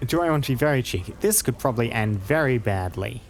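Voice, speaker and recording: A man's voice: mid-range voice, animated, fast. Casual man narrating a game playthrough. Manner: casual, reads dialogue aloud, jokey asides. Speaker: let's play host.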